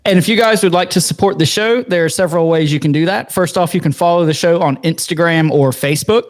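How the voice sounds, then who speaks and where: Wry high-voiced podcast co-host. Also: male voice, quick pace. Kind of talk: casual podcast chat.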